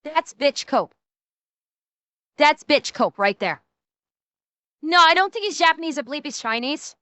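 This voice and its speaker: A woman's voice: high-pitched, lively intonation, unhurried, a bit bright, no echo. A woman streamer giving blunt, heated, profane commentary while reacting to clips.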